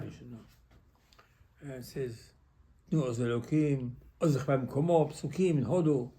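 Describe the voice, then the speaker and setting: Rabbi with a warm, mellow voice. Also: male voice, mid-range voice, normal speed, long pauses. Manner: animated, repetitive, non-native English phrasing. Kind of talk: Torah lesson.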